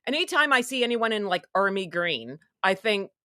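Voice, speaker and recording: A woman's voice: mid-range voice, sing-song, normal speed, pushed and bright, no echo, studio quality. A woman hosting a casual live stream, talking in a sarcastic, rambling, chatty way. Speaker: online show host.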